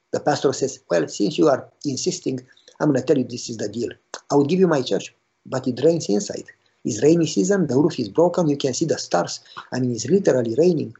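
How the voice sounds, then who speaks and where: A pastor telling a story in a sermon, animated and acting out the dialogue with a rising voice. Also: male voice, a little high, gravelly, slightly rough. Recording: dull lo-fi recording.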